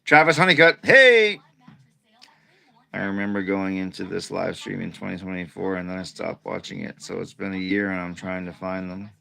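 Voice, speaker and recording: A man with a fairly low voice hosts an evening live stream from home. He chats casually, greets viewers by name and drifts between topics. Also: brisk, gravelly, few pauses, bright, forceful tone. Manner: chatty, greets viewers by name, rambling asides.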